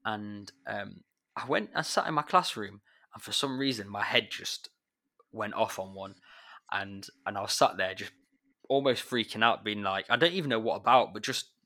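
A man, a secondary school maths teacher, talking in a relaxed chat and acting out his pupils as he tells stories. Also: on the low side, moderate pace. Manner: chatty, animated when retelling pupils. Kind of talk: casual chat.

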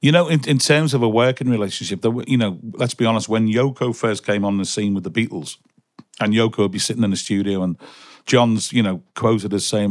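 Hesitant podcast host, dry sound. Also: male voice, lowish voice, fairly quick, dry recording. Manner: hesitant, many restarts. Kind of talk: interview questions.

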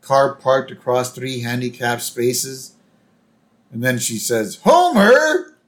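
Podcast co-host, male, middle pitch, easygoing plot recap. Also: flat delivery, slow. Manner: narrates plot with laughs and quoted lines. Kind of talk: casual chat retelling an episode.

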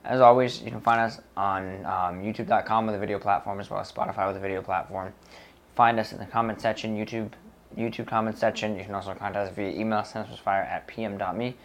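A man's voice: fairly low pitch, fairly even intonation, quick pace, slight background noise. A man co-hosting a podcast while drunk, laid-back and swearing casually. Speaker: podcast co-host. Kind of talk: casual chat.

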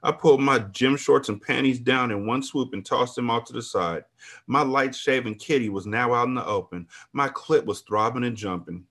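A man's voice: medium pitch, moderate pace, fairly bright tone. A man hosting a podcast, reading a novel aloud and commenting in a casual, profane, laid-back way.

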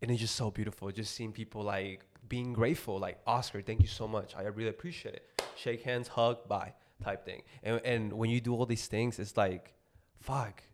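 A young man from Mexico co-hosting a podcast, chatting casually, profane and animated, with joking outbursts. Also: fairly low pitch, normal speed. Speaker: podcast co-host. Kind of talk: casual chat.

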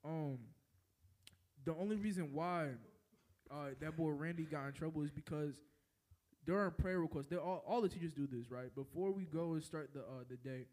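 A man co-hosting a podcast in casual chat, laid-back, with many fillers and quick reactions. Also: fairly high pitch, a little mellow. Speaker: podcast co-host.

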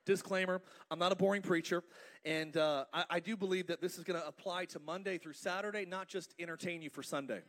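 High-pitched male preacher, playful and talkative, works the congregation from the pulpit. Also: steady tone, fairly quick, fairly bright tone. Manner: playful, asks the congregation to respond. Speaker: pastor. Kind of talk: lively sermon with jokes. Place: church.

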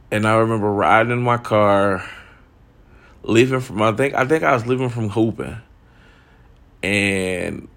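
A man's voice: mid-range voice, a bit bright. A young man hosting his own talk show, reflecting in a candid, rambling way, swearing freely and filling with "like" and "dog". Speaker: podcast host. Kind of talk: casual reflective monologue.

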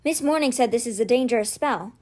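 A woman's voice: a little high, quick pace, darkish tone, close to an everyday voice. Alex, an eager teen boy, read by a woman. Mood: nervous. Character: anxious, earnest teen boy wizard.

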